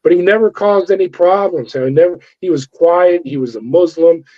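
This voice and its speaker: A man's voice: high-pitched, moderate pace. Big-voiced storyteller man, acting out dialogue. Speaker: former corrections officer. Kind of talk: storytelling interview. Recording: dull lo-fi sound.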